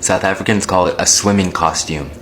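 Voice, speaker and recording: A man's voice: sits low, steady tone, a little fast, a bit bright, slight background noise. A man reading out word comparisons, amused and laughing between lines. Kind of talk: comparison skit narration.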